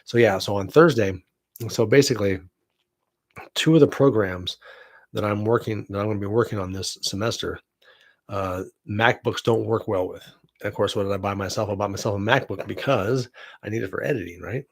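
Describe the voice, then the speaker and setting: A man's voice: lowish voice, fairly quick, creaky, dry recording. A middle-aged man chatting casually on a home live stream, rambling with many fillers and restarts. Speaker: vlogger and actor. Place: home room.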